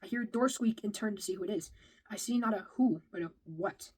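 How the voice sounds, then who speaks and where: A woman's voice: medium pitch, fairly quick, warm tone, breathy edge, low-quality recording. Woman reading a novel aloud. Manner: first-person storytelling with occasional slips and rereads. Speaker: reader.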